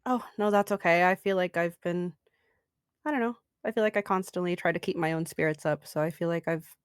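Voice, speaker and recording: A woman's voice: fairly low pitch, brisk, clear, resonant tone, dry recording, studio quality. A woman playing her character in a tabletop game, hesitant and often laughing. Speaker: player. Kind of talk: in-character tabletop role-play.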